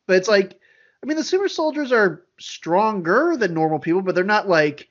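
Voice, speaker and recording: Heard on dull, lo-fi audio, this male co-host has a high-pitched, sing-song voice at a moderate pace. He keeps the podcast conversation casual, rambling with lots of animation and plenty of fillers.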